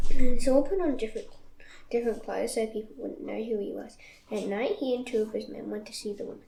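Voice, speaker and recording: Woman reading scripture aloud; fairly high, gravelly voice in an echoey room. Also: quick pace. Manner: steady reading with slips and restarts. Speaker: Bible reader. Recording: echoey room, faint noise.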